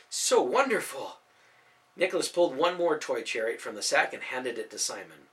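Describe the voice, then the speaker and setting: A man narrating a storybook audiobook in an expressive, animated reading. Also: medium pitch, a little fast.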